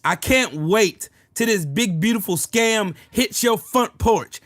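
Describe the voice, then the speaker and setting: High-voiced man ranting angrily. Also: lively intonation, slow, a bit bright, no room sound, studio quality. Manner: profane, heated, repetitive ranting; answers chat comments. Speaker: livestream host. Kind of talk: angry political livestream rant.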